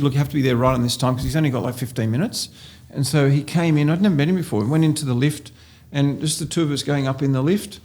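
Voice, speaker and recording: An Australian man, a real estate agent, telling anecdotes in a casual interview and often laughing as he goes. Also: a little high. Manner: animated storyteller, laughs while telling anecdotes.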